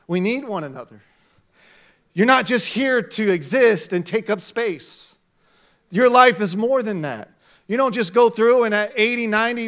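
Male pastor, middle-aged, preaching; high, ringing voice that drops low and climbs to shouts. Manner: preaching, swings from quiet to shouting. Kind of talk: sermon.

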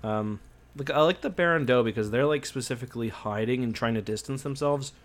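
A man's voice: medium pitch, a little fast. A man with a slightly sick voice, co-hosting a casual chat, rambling with many ums and restarts. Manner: rambling, hesitant with frequent ums and likes. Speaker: podcast co-host.

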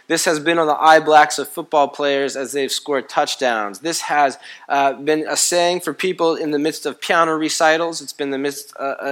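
A preacher delivers a sermon, his storytelling playful and comic. He swings from loud and quick to slow and hushed, and his voice sits on the higher side for a man. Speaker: pastor. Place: church.

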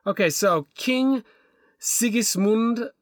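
Rambling middle-aged man, fairly high voice. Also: slow pace, no room sound, studio quality. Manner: rambling, hesitant, many restarts and fillers. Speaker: podcast co-host. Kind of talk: casual chat.

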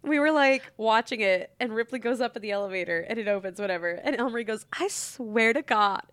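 A woman's voice: fairly high pitch, quick pace, clear, resonant tone. A woman co-hosting a podcast, chatting playfully and laughing often. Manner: playful, laughing, lively impressions. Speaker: podcast co-host, teacher. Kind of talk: casual chat.

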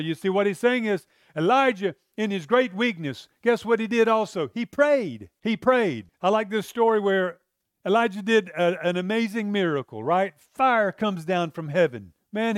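Male preacher, high clear voice, dry close sound, fervent sermon delivery. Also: no room sound. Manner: impassioned, rhetorical questions to listeners.

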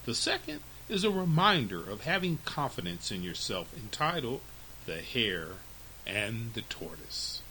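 A man hosting a storytelling podcast, reading fables to children with very expressive, lively narration. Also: medium pitch, unhurried, poor audio.

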